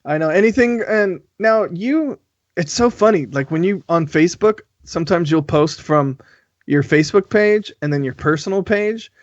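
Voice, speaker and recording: An American man hosting a podcast in casual chat, chatty and quick to laugh, with many restarts. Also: high-pitched, lively intonation, no echo, muffled recording. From United States. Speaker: podcast host.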